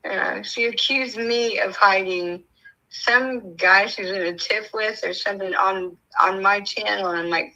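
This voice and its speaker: A woman's voice: mid-range voice, steady tone, normal speed, bright, forceful tone, rough recording. An older woman chatting casually as a stream host, telling stories and laughing often. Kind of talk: casual chat.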